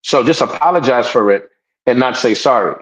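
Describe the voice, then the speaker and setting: A man's voice: mid-range voice, lively intonation, a little fast, rough recording. A man co-hosting a podcast in casual chat, talking emphatically, repeating himself and restarting his sentences. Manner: acts out quoted people in raised voices. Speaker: podcast co-host.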